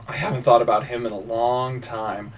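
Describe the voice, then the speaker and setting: A man's voice: medium pitch, flat delivery, moderate pace, far from the mic. A man hosting a podcast, chatting casually with frequent swearing, stammering restarts and laughter. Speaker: podcast host. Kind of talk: casual chat.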